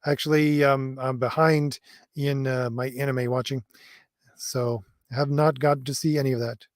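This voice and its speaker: This livestream host, a middle-aged man, rambles through viewer comments with plenty of fillers and little laughs. He speaks in a mid-range voice at normal speed with fairly even intonation, on a dry, clean studio recording. According to him, others have always taken his voice for an old man's.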